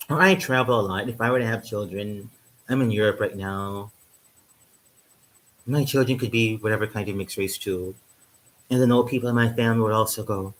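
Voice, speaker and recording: The audio is poor, but you can hear a man with a fairly low voice talking a little fast. He's a vlogger drinking wine indoors in Europe, rambling through a joking, um-heavy monologue to camera and laughing at his own lines.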